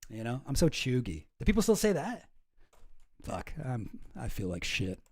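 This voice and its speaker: Rambling streamer man, soft dark tone. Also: medium pitch, huge pitch swings, moderate pace, breathy edge. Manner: rambling, self-deprecating, swears often. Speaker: streamer host. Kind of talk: casual commentary stream.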